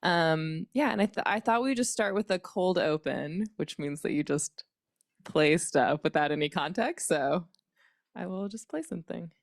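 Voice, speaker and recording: A woman's voice: lowish voice, expressive, normal speed, gravelly, no room sound, studio quality. A woman podcast producer giving a casual workshop talk, chatty and filled with likes and ums.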